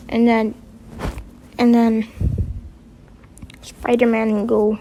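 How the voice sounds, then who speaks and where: A woman casually telling a story in a rambling, halting way with many restarts. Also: a little high, flat delivery, warm tone, slight background noise, low-quality recording.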